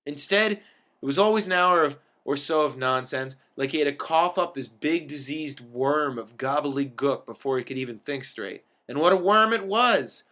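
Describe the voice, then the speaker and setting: A man reads a first-person story aloud in a wry, expressive manner. His voice sits a little high for a man, and he pushes key words up with sudden emphasis. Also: normal speed. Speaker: reader of a story.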